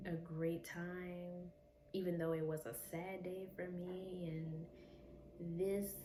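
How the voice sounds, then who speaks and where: A woman vlogger candidly recounting a painful personal story, emotional and blunt, with occasional swearing. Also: fairly low pitch. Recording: echoey room with noisy ambience.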